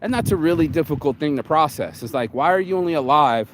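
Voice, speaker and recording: Guy doing a sweary pep talk vlog, kinda high voice, faint traffic going by behind him. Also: lively intonation. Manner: blunt and profane, with quick acted quotes. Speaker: motivational vlogger. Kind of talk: casual motivational talk.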